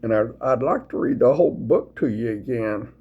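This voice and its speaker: Sleepy man, husky voice, folksy rambling scripture reader. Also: mid-range voice, narrow, tinny audio. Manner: slow, folksy, rambling with restarts. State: sleepy, yawning. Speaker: video host sharing scripture. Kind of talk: casual devotional talk and Bible reading.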